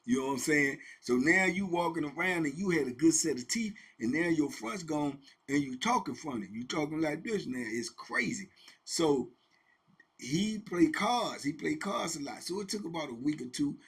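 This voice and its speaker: Husky middle-aged guy telling a prison story, bright sharp voice, higher pitched, lots of sound effects. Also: animated, normal speed. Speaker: host telling prison stories. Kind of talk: casual storytelling.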